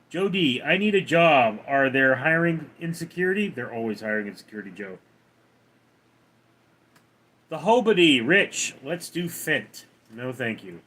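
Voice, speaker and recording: Man streamer, slightly high voice, lively pitch, drawls through chat replies. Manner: drawling, answers chat names one by one. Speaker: livestream host reading chat. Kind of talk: casual livestream chat.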